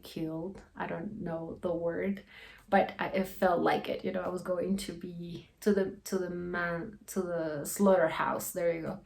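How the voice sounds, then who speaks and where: A woman's voice: lowish voice, vocal fry. A young adult woman telling a personal story in a casual, rambling way, full of "like" and "you know". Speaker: guest sharing a personal story.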